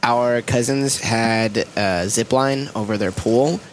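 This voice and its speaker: Male co-host, mid pitch, hesitant and filler-heavy, light hiss. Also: slow pace. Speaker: podcast co-host. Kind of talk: casual chat.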